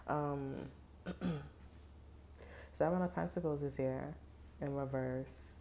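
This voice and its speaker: A woman reads tarot cards for her viewers in a loose, rambling way, swearing freely and leaning on fillers and slang. Her voice sits very low with a dark, mellow tone, and a faint hiss runs underneath. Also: fairly even intonation, takes it slowly, long pauses. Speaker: tarot reader. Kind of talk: casual tarot reading.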